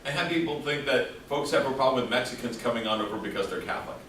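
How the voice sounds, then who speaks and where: Fast and a bit bright, this medium-pitched man from El Paso, Texas, lectures a class casually, joking and tossing out questions to students. He's recorded from afar in an echoey classroom with slight hiss or hum.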